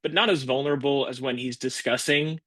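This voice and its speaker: A man in a casual film podcast chat, searching for words and building his points slowly, with many fillers. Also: medium pitch, steady tone, fairly bright tone, no echo. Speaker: podcast co-host.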